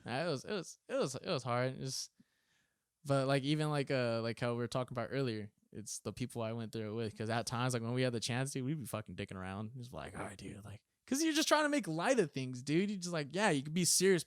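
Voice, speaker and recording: A man's voice: mid-range voice, fast, clean tone, dry recording, clean studio sound. A man in his twenties, a former Marine guest, telling profane stories in casual chat, laughing and acting out drill instructors' lines.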